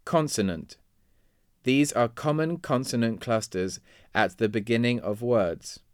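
A man reading vocabulary words and example sentences in a measured, deliberate way. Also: medium pitch, no room sound, clean studio sound. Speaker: vocabulary reader.

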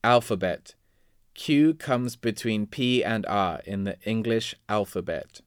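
Slow, deliberate man reading vocabulary. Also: fairly low pitch, clean tone, dry recording, clean studio sound. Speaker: vocabulary reader. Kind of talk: reading vocabulary words and example sentences.

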